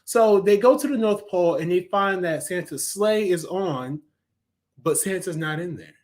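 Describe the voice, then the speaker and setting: A young man with a slightly higher voice talks through a cartoon review in a loose, enthusiastic way. He fills his sentences with ums and often backs up to correct himself. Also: moderate pace. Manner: chatty and enthusiastic, with frequent fillers and self-corrections. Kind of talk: casual spoken review.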